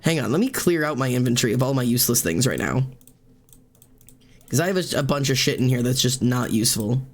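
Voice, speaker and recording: A man's voice: medium pitch, quick pace. A young man streaming a game, exclaiming often and talking in an emotional, tearful, laughing way.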